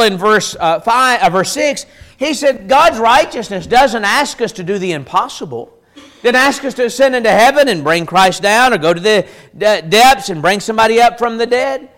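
High-voiced man preaching emphatically. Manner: emphatic, rhetorical questions with pauses for emphasis; shifts between loud high stress and low quiet asides. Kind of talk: expository Bible sermon.

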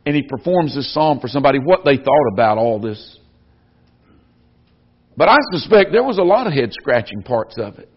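A man preaching a sermon to a congregation, speaking earnestly and growing louder when he quotes scripture. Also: mid-range voice, sing-song, normal speed, breathy edge. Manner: earnest, rising in volume when quoting scripture. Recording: dull lo-fi sound.

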